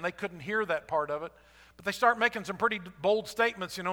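A man's voice: high-pitched, quick pace, sharp tone, in a large hall. A man, a pastor, preaching a sermon in a conversational storytelling way. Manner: storytelling, conversational, acts out quotes.

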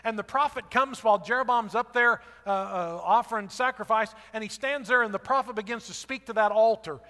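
Male preacher, sermon, conversational storytelling, high voice, long hall reverb. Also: fairly quick. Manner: conversational, animated storytelling with asides.

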